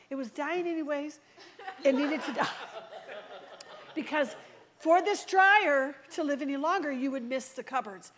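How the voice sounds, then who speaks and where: Woman preacher, high voice, lively storyteller who plays out the dialogue, church sermon. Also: a little slow, long pauses. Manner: animated storytelling, acts out quoted voices.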